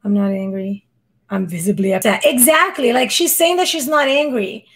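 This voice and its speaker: A woman with a squeaky voice doing casual live reaction commentary, exasperated and rambling, often restarting her sentences. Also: moderate pace. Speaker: reaction streamer.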